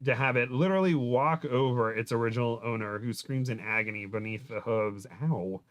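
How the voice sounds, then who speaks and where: Hosting a show, a man with a medium pitch reads a book aloud dramatically and a little fast, breaking off for joking asides. The comedic reading has no room sound.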